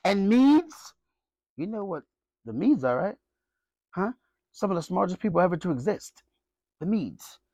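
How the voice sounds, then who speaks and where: A man preaching with a notably high voice, rising into loud bursts and then dropping to low, quiet asides. He keeps asking the congregation questions. The sound is dry, with no room echo. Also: sing-song, a little slow, pauses often. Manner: emphatic preaching with call-and-response questions. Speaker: pastor. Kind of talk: sermon.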